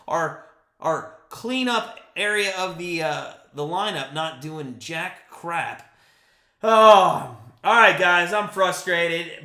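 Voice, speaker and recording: A young man streaming fan play-by-play, excitable and chatty with his viewers, swinging between hype and frustration. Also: high-pitched, echoey room. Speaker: live stream play-by-play host. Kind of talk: fan play-by-play and live reaction.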